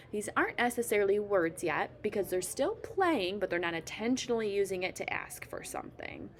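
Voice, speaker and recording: A woman's voice: mid-range voice, fairly quick, few pauses. Woman explaining baby talk tips, chatty, lots of um's, bouncy sound demos, faint hiss behind. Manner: animated, demonstrates baby sounds playfully, frequent fillers. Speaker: speech therapist giving parenting tips. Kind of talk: casual instructional talk.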